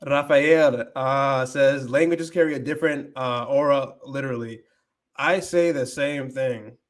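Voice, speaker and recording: A young American livestream host, a first-language English speaker, talks casually in a mix of English and Spanish, full of fillers and restarts. He has a mid-range voice and keeps a measured pace.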